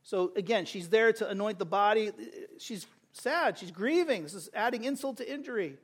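A male preacher with a very high voice delivers an impassioned sermon. He swings between loud, urgent appeals and hushed, close asides. He keeps it conversational with frequent rhetorical questions. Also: expressive, moderate pace.

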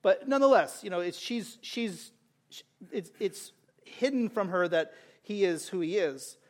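Male preacher, very high pitch, impassioned sermon delivery with loud-to-soft swings and a chatty "right?" habit. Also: expressive, unhurried. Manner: impassioned, swinging between loud urgent calls and soft intimate asides; conversational, with frequent rhetorical "right?".

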